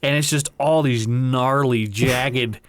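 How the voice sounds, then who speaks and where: A male podcast co-host tells childhood stories in a laid-back chat, swearing freely and laughing at his own anecdotes. His mid-range voice is slow with fairly even intonation, and there's no room sound.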